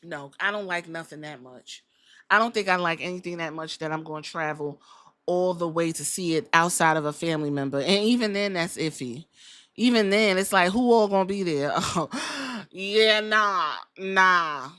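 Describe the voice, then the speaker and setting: On her casual Columbus podcast, a woman speaks at a moderate pace in a lowish, slightly bright voice. She's blunt, profane, and constantly joking.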